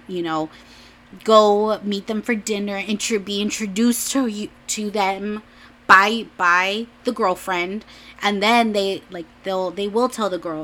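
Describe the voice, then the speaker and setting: Chatty young woman, bright rambling voice. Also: mid-range voice. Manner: rambling, chatty, full of "like"s and restarts, laughs often. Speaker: vlogger. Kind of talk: casual chat.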